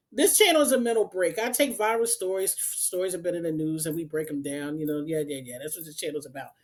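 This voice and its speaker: A woman hosts an unedited commentary vlog, talking straight to her viewers in an exasperated, emphatic and repetitive way. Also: mid-range voice. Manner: direct address to the audience. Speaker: channel host.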